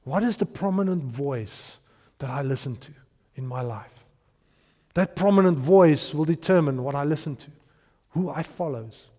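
Male pastor preaching, earnest with soft trailing endings, in a big echoing hall. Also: a little high, lively intonation, normal speed. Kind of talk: sermon.

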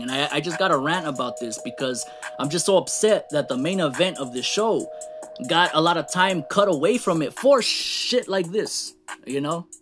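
A man with a somewhat high voice rants through a wrestling recap. His delivery is animated, he swears freely and laughs as he goes. Faint music plays under him. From Latino. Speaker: wrestling show reviewer. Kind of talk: casual recap rant.

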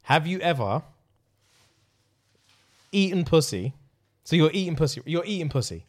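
A young man from the UK co-hosting a crude casual podcast chat, laughing often and getting loud when joking. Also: fairly high pitch, big pitch swings, normal speed. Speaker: podcast co-host.

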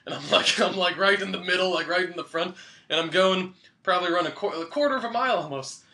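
A man's voice: sits high, quick pace, bright, forceful tone, roomy sound. A young man telling a funny story in casual chat, laughing often and acting out the people in it. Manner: laughs often, acts out quoted voices. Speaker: podcast guest.

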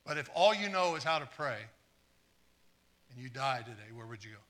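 A man preaching a live sermon, earnest and stumbling over repeated words, trading jokes with the congregation and swinging from quiet asides to fired-up exclamations. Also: medium pitch, expressive, fairly quick. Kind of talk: live sermon with audience volunteers.

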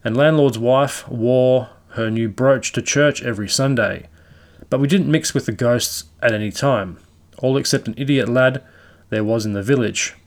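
A man narrating a classic ghost story aloud in a measured storytelling manner. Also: medium pitch.

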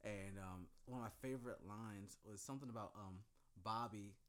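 Lower-voiced man rambling in casual chat. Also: normal speed, fairly bright tone. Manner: rambling, filler-heavy, self-described scatterbrained. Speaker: podcast co-host.

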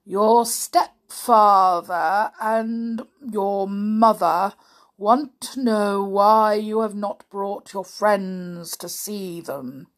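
A woman voicing a secretive male butler who speaks slowly in a monotonous voice. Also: medium pitch. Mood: flat. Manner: monotonous, slow.

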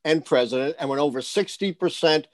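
A man's voice: on the high side, dry recording, clean studio sound. Confident, lecturing male guest. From New York. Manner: confident, lecturing, quick to laugh. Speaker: guest historian. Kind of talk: interview answers.

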